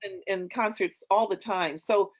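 In dull, lo-fi audio, a middle-aged opera singer talks casually and shares stories, with lots of ums along the way. She speaks at normal speed in a medium-pitched voice.

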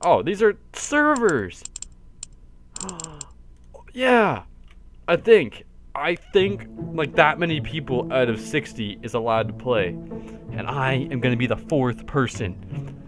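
A man giving casual let's-play commentary, excitable, cursing often and yelping in surprise. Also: mid-range voice, takes it slowly, pauses often, soft background music. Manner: excitable, swears often, yelps and shouts in surprise. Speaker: gaming video host.

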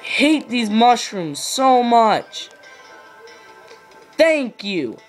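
A woman playing a platform game and yelling frustrated complaints and curses at it. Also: fairly high pitch, sing-song, drawn-out words, faint music behind. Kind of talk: rage gameplay commentary.

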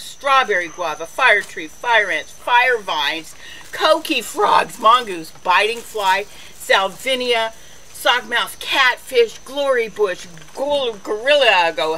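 A woman's voice: a little high, sharp tone, slight background noise, rough recording. A woman hosting a casual cooking and garden show outdoors, chatty and folksy, chatting to her animals as she goes. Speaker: host of a lifestyle show.

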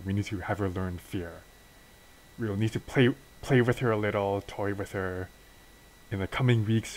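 A man voicing a masked villain boss who makes slow, measured threats in a video game story. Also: lowish voice, poor audio. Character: masked scheming villain boss, cold and menacing.

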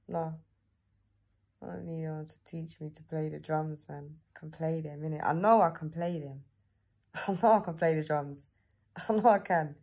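A woman's voice: low-pitched, mellow. A woman talking casually to herself on camera, chatty and laughing often, tagging her sentences with questions. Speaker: vlogger. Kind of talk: casual self-talk to camera.

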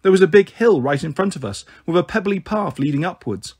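A man reading a children's storybook aloud, expressive and voicing each character. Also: high voice, a little fast, husky. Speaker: audiobook narrator.

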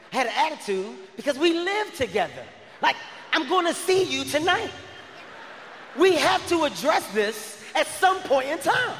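A man doing stand-up comedy, telling a story in an animated way and shouting his punchlines. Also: extremely high pitch, a little hiss or hum. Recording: live venue with long reverb and faint ambience.

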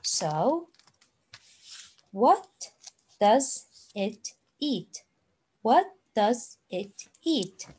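Woman teacher, very slow patient delivery, repeats each word, voice a bit high. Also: sing-song, a little mellow, husky. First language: Arabic. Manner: slow, repeating words for learners. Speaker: English teacher. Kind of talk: online classroom lesson.

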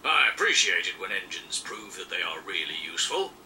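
A man's voice: low voice, sing-song, a little fast, pushed and bright, far from the mic, slight background noise, pitched below the performer's own voice, heavily acted, rough recording. A man voicing a stern but fair male railway boss in a children's storybook reading, speaking firmly and formally.

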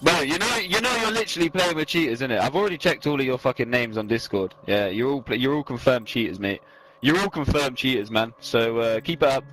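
Young british guy mocking people in game chat, swings all over in pitch. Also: expressive, fast, poor audio. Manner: taunting, swearing, mocking. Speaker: gamer streamer. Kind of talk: heated trash talk in voice chat. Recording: loud game music and effects behind.

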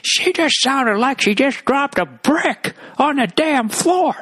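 A man voicing a cranky old male neighbor who yells and sneers sarcastically. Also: medium pitch, expressive, breathy edge, dry recording, studio quality, voice pushed up, full character voice. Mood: angry, shouting. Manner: yelling, drawn-out sarcasm.

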